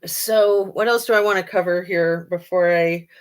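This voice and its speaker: A woman's voice: lowish voice, fairly even intonation, normal speed. A woman hosting a casual true-crime livestream, chatting and reading viewer comments with lots of ums and a sarcastic streak.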